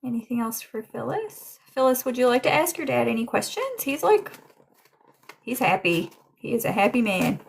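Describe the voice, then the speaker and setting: A young woman giving a casual livestream psychic reading, chatty and gentle as she relays messages. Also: on the high side, very animated, moderate pace, vocal fry, slightly rough. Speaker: psychic medium.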